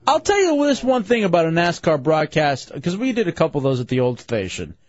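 A man hosting a radio show, teasing his co-hosts in animated casual banter. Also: a little high, fairly quick, no echo. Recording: dull lo-fi radio recording.

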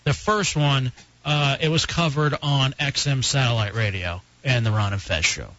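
A man with a mid-range, slightly bright voice speaks at a moderate pace while hosting a live radio talk show. In casual on-air banter from a radio studio, he teases his co-host with mock-arrogant boasting. The broadcast sounds dull and lo-fi, with faint music underneath.

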